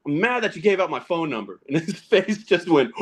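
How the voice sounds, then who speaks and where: A man's voice: fairly high pitch, slightly rough. A man in his thirties, a podcast guest, telling casual stories about fatherhood and gaming, laughing often as he talks. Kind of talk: casual storytelling.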